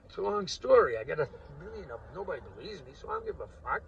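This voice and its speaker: A middle-aged man in a rambling, profane political monologue, laughing often and swinging between loud rants and muttering. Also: a little high, big pitch swings, very fast, creaky, hardly any pauses, distant mic, highs cut off, slight background noise. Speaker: vlogger.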